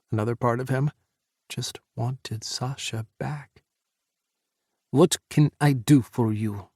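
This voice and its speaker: A man narrating an audiobook romance in a measured, intimate way. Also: mid-range voice, no room sound, clean studio sound. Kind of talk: scripted narration.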